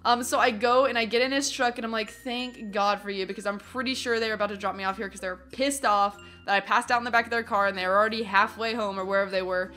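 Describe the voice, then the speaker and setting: A young adult woman telling a story from her teens in a casual vlog, animated and acting out what other people said. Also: medium pitch, fast, few pauses. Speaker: vlogger.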